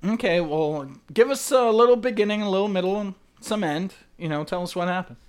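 High-voiced man hosting with wry teasing. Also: brisk, clear, resonant tone. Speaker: show host. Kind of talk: casual chat. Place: sports radio studio.

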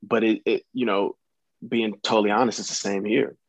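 A man's voice: on the low side, steady tone, moderate pace, dry recording. A young adult man from the United States, an actor talking casually as a guest, rambling and hesitant, with many restarts. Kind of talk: casual conversation.

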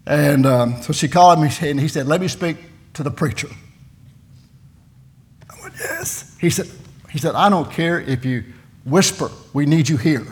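A man in his sixties, a missionary preaching a folksy sermon in a church, telling personal stories and building to loud, fervent peaks. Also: a little high, moderate pace. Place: church sanctuary.

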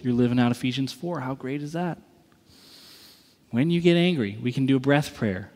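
A male pastor preaching a sermon in an animated manner, acting out the voices of his listeners. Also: mid-range voice, fairly quick, in a large hall. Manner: animated, acts out inner voices.

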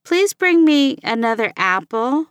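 Woman doing a playful patient mom in a kids story, slow and sing-songy. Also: high voice, sing-song, smooth, no echo, pitched above the performer's own voice. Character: patient, playful mother of a child.

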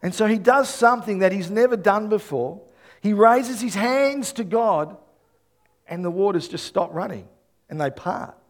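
A male pastor preaching an animated sermon, telling stories and rising to loud bursts. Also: high-pitched, moderate pace.

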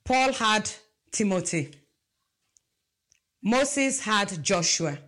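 A woman's voice: mid-range voice, animated, drawn-out words, a bit bright. A woman preaching a sermon, emphatic and asking the congregation rhetorical questions.

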